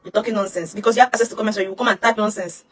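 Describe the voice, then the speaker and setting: A woman's voice: mid-range voice, steady tone, racing. A young Nigerian woman with a Nigerian accent, ranting heatedly online, scolding with rhetorical questions. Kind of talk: emotional social media rant.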